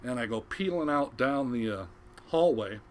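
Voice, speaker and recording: Older retired fisherman, guest storyteller, lively yarn-spinner who acts out voices, even-pitched man's voice. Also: moderate pace, a little hiss or hum. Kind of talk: casual storytelling.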